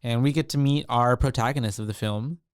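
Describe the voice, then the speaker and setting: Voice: medium pitch, brisk, clean tone, no echo, clean studio sound. A podcast co-host casually recapping a movie, rambling with lots of fillers.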